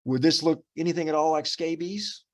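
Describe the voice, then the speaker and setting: A fairly high-voiced middle-aged man, a dermatopathologist, talks a little fast as he teaches a resident through cases. His speech is rambling and loose, with many fillers and restarts.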